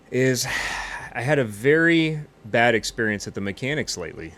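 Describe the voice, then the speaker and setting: A man's voice: medium pitch, animated, a little slow, fairly bright tone. A man rambling through a cocky, boastful comedy monologue as a pilot character in a flight game.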